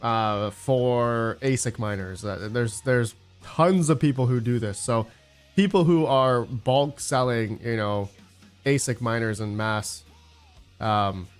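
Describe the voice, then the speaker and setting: A crypto mining channel host chats casually on a livestream about mining, his voice on the low side. He rambles and searches for words, using frequent fillers and answering messages from chat.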